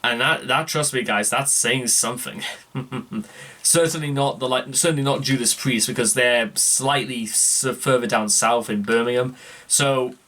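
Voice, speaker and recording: A man's voice: mid-range voice, steady tone, unhurried. A man, hosting a music reaction video in a rambling, self-correcting, chatty way. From northeast England. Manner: rambling, self-correcting, keeps calling out "ladies and gentlemen". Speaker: music reaction channel host. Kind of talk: casual reaction commentary.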